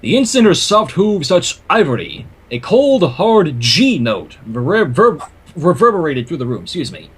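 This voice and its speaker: Man, story reader, husky, very lively intonation, joking asides. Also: fairly high pitch, moderate pace. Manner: animated, laughing asides. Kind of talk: comedic fan story reading.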